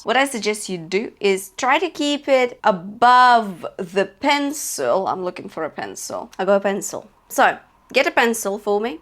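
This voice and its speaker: Encouraging and upbeat, this woman teaches singing, pausing her explanations to sing brief demonstration phrases. Her medium-pitched voice carries a fairly bright tone.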